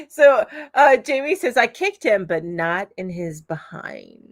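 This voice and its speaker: Woman, forties, from Florida, live-stream host, chatty, upbeat, laughs often, fairly high voice. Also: animated, drawn-out words, a bit bright. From Florida, USA. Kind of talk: casual live chat reading viewer comments aloud.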